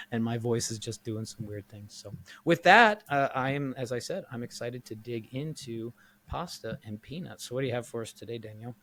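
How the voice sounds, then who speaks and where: A man co-hosting a nutrition podcast in casual chat, his voice hoarse and rambling earnestly with restarts. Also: mid-range voice, a bit bright. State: hoarse, partly lost voice. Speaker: podcast co-host. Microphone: studio microphone.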